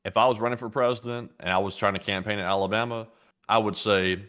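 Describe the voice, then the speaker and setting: American male co-host, lowish voice, halting and rambling, casual. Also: fairly even intonation, fairly bright tone. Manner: hesitant, rambling, full of fillers. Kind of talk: casual live Q&A chat.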